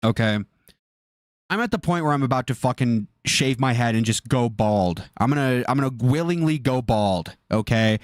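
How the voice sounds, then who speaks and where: A man's voice: medium pitch, animated, moderate pace, no room sound, clean studio sound. A man in his twenties doing livestream commentary from his bedroom, ranting in an exasperated, profane way. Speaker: streamer. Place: bedroom with a fan blowing.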